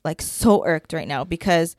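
A woman co-hosting a podcast tells a travel story in casual chat, animatedly acting out the people in it. Her voice is low and measured, recorded cleanly on a podcast microphone in a studio with no room sound.

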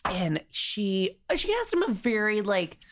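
A woman's voice: mid-range voice, very animated, takes it slowly. A woman co-hosting a podcast, chatting casually and telling a story, giggling often. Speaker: podcast co-host.

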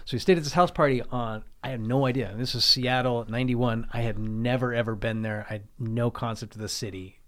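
A man's voice: mid-range voice, fairly even intonation, fairly quick, few pauses, fairly bright tone. A middle-aged man on a podcast, rambling through a profane personal anecdote in casual chat. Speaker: podcast guest or co-host. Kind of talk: casual storytelling.

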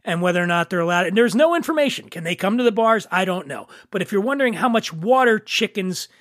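A man hosting a podcast in casual chat, jovial and quick to laugh. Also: high voice, lively intonation, fairly bright tone, no echo, clean studio sound. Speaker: podcast host.

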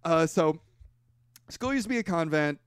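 A man's voice: a little high, normal speed, clean tone, no room sound, studio quality. A man co-hosting a casual podcast, retelling a movie plot with lots of acted-out quotes and frequent laughter. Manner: animated storytelling, laughs often, acts out quotes. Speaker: podcast co-host. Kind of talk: casual movie recap chat.

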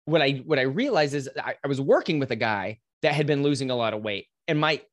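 Man, podcast guest, energetic motivational storyteller, casual and blunt. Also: mid-range voice, fast talker. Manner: animated, casual, swears, mimics voices in anecdotes.

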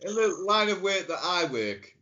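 A man's voice: high voice, very animated, moderate pace, bright, forceful tone. A nasal young man with a Stoke-on-Trent accent, a podcast guest who banters and jokes in casual chat. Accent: Stoke-on-Trent English. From Stoke-on-Trent, England. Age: young adult. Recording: dull lo-fi audio.

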